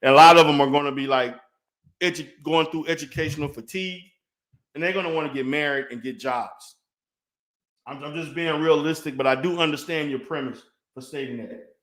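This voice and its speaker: High-voiced man ranting in an echoey room. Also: fairly quick, fairly bright tone. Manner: profane, mocking, heated. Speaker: online commentator. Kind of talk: ranting response video.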